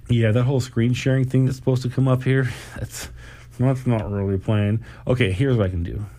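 A man's voice: mid-range voice, steady tone, fairly quick, warm tone. A man hosting a live stream, rambling casually with apologies and laughs.

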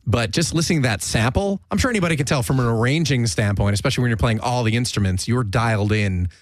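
A man's voice: medium pitch, quick pace, no room sound. A man hosting a casual interview chat, joking and chatty, with a radio voice. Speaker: podcast host.

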